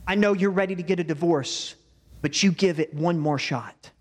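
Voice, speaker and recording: Man, pastor, conversational sermon, slightly high voice, long church reverb. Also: moderate pace. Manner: conversational preaching with audience asides.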